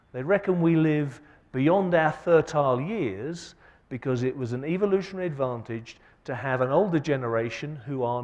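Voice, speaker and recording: A man giving a conference lecture, asking the audience rhetorical questions with an emphatic delivery that swings between loud and soft. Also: a little high. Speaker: keynote speaker. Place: large conference hall. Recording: long hall reverb.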